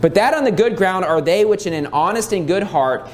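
A man's voice: high voice, expressive, a little fast, slight background noise. Emphatic male preacher reading scripture. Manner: emphatic, repeats key phrases, reads scripture aloud. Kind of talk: sermon.

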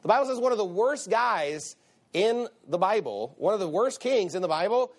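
A man's voice: sits high, big pitch swings, normal speed. A man preaching a sermon. He speaks emphatically, repeats phrases for stress, and reads scripture in King James wording. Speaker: pastor.

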